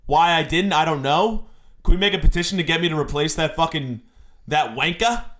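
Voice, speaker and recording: Young male comic host, fairly high voice, mock-indignant rant delivery. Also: brisk, a bit bright. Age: 20s. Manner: mock-indignant, exaggerated complaining. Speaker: comedy podcast host. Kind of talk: comedic rant monologue.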